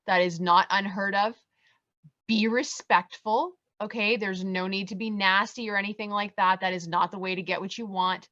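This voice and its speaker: A woman speaking firmly and in a measured way in a casual panel discussion, giving advice to listeners. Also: medium pitch, steady tone, a bit bright, lo-fi sound. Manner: firm, measured, advising. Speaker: panel co-host.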